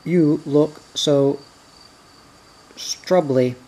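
A reader gently putting on a spirited young Amish farm girl in a storybook reading, unhurried and soft in tone. She sounds bossy yet fond of the animals around her, with turns of phrase. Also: medium pitch. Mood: laughing.

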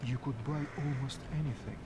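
An actor voicing a reflective young male narrator in game narration, faint under loud ambient noise. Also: medium pitch, steady tone, fairly quick, natural voice.

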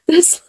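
A woman's voice: sits high, darkish tone, breathy edge. A woman vlogger chatting casually while she dresses dolls, talking in a chatty way and laughing often. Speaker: doll channel vlogger.

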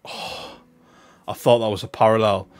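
Excitable man streaming live. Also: fairly low pitch, normal speed. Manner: excitable, chatty, swings between loud hype and muttering asides. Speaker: livestreamer opening trading cards. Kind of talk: casual live-stream commentary.

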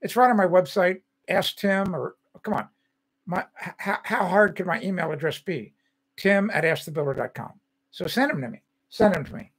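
A man's voice: high voice, moderate pace, husky, low-quality recording. An older man hosting a livestream, ranting angrily and repeating phrases, then reading viewer comments and answering by name. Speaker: host of a home-building show.

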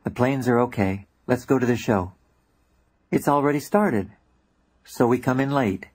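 Man voicing a spiritual teacher, calm, teasing, riddling, audiobook, husky tone. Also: mid-range voice, a little slow. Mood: insistent. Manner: quiet, patient, riddling. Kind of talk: audiobook character voice.

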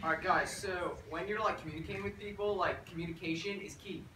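A man's voice: high-pitched, fairly even intonation, fast talker, heavy background noise, close to an everyday voice. A young man playing a clueless bro who runs a community college language department, rambling with likes and ums in a live improv scene, recorded from far off on an echoey stage. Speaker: improv player.

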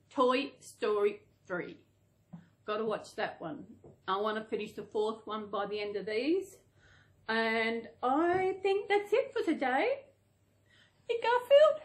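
A middle-aged Australian woman chatting casually to camera, rambling and correcting herself as she goes. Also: fairly high pitch. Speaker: doll collector vlogger.

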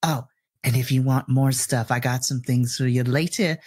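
A man's voice: medium pitch, fairly even intonation, moderate pace, a little mellow, breathy edge, voice pushed down, lightly acted. A man voicing a cheery small halfling woman who sells candy, doting and sweet-talking in a tabletop role-play game. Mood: sugary. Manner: sugary, doting, calls everyone sweetie.

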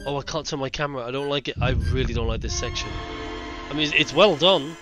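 A man's voice: medium pitch, quick pace. A man playing a horror game who talks to himself, is easily startled and swears a lot. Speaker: let's play gamer. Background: game music.

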